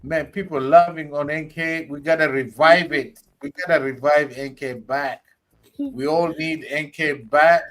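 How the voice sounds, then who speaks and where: A man's voice: fairly high pitch, lively intonation, measured pace, a bit bright. A man hosting a livestream, playful and teasing as he hypes up his guest. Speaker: livestream host. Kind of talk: casual livestream chat. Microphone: remote streaming call.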